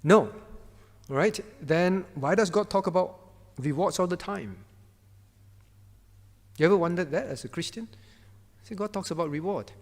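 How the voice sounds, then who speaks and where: A man's voice: high voice, expressive, normal speed, pauses often, long reverb tail. A man as pastor teaching a Bible class, quizzing his students by name and hammering home his point through repetition.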